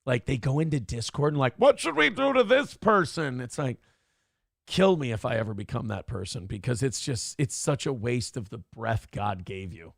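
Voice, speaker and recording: A man's voice: mid-range voice, normal speed, gravelly, no echo, studio quality. A man hosting a live-streamed morning show, talking casually and bluntly, swearing freely and reading out viewer donations.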